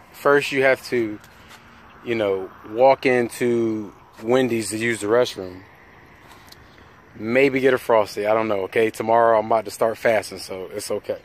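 A man's voice: medium pitch, a little hiss or hum. A man who drives a truck, talking casually and jokingly into his phone outdoors, rambling. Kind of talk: casual vlog monologue. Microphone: phone held by hand.

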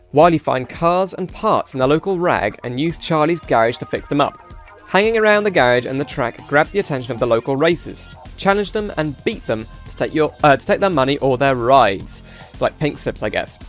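A man giving first-impressions commentary on a racing sim, reading the game's text aloud and often stumbling over the words. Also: on the high side. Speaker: gaming YouTuber.

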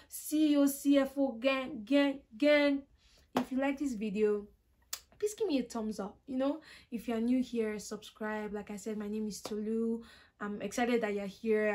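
A young woman vlogger speaking earnestly and warmly to her viewers, retelling scripture in her own words. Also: medium pitch. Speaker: accounting vlogger. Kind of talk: casual encouraging talk to camera.

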